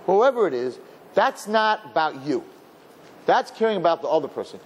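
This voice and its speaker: Animated rabbi, acts out voices. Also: male voice, normal speed, slightly rough. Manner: animated, acts out people with high voices, Yiddish and Hebrew words. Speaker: rabbi teaching a class. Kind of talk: lively Torah lecture.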